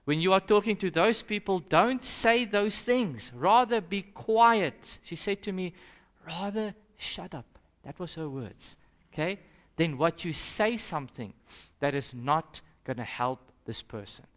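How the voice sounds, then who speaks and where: A man's voice: high-pitched, expressive, unhurried, fairly bright tone. A young South African man, a pastor, leading an interactive Sabbath school lesson and putting questions to the audience in a conversational way. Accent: South African English.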